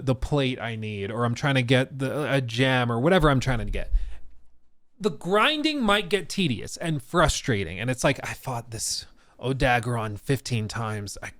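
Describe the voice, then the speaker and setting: A man's voice: medium pitch, fairly bright tone, no echo. A man doing casual reaction commentary on a stream. He rambles with restarts and fillers, and his mid-range voice sits dry and close.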